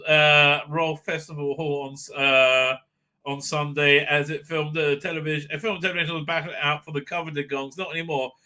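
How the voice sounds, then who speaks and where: A man hosting a casual live-stream rant, his voice pitched high and very bright and cutting. He swears constantly and mocks what he hears, now and then jumping into loud shouts. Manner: profane, mocking, jumps into sudden shouts. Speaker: livestream commentary host.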